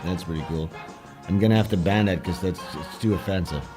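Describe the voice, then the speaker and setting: A livestream host with a low, fairly quick voice chats casually while watching a film, music playing in the background. He jokes around, swears freely, and laughs irreverently at what's on screen.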